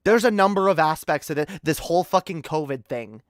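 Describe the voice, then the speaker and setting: On her live stream, a woman from Canada launches into a heated, swear-filled rant, frequently tripping over herself and repeating words. Her voice sits low, expressive and a little fast. It's studio quality with no echo.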